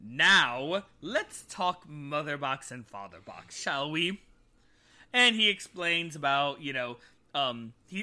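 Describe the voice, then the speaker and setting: Rambling animated man recapping a show. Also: a little high. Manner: rambling, hesitant, full of 'you know' and 'like'; drops into quick character voices while recapping. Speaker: podcast co-host. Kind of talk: casual episode recap. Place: home, remote recording.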